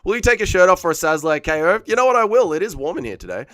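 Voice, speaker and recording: Man, crude jokey livestream host, lively swinging pitch, dry close sound. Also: racing, no echo. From Australia. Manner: crude, joking, reads chat aloud. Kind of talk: casual fight watch-along commentary.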